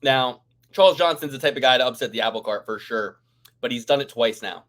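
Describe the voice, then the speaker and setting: A man's voice: mid-range voice, fairly quick, a bit bright. A man co-hosting a fight-picks podcast, talking in a rambling, emphatic way and swearing freely. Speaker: podcast co-host. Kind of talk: casual fight-picks chat.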